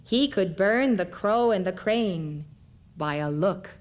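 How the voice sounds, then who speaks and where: A woman lecturer reading spiritual stories aloud in a measured, deliberate way. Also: medium pitch, animated.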